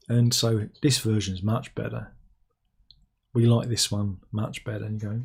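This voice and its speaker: A man's voice: lowish voice, flat delivery, normal speed, vocal fry, darkish tone, husky. A man hosting a casual livestream, reading out viewer comments with wry, rambling asides. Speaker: livestream host.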